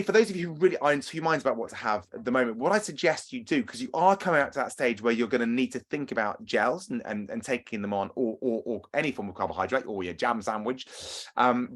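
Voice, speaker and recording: A man's voice: mid-range voice, animated, fairly quick, a bit bright. Chatty male running coach on a video call. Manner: chatty, self-deprecating, repeats words when restarting. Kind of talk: webinar talk.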